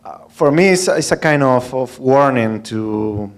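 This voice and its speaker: A man's voice: medium pitch, expressive, unhurried. Hesitant man asking a conference question. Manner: hesitant, many uhs. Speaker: audience member asking a question.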